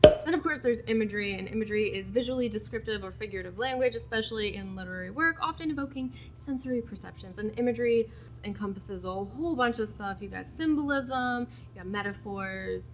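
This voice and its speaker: A young woman runs a casual poetry video, explaining terms conversationally and reading examples aloud. Her voice is medium in pitch and fast, with faint music in the background.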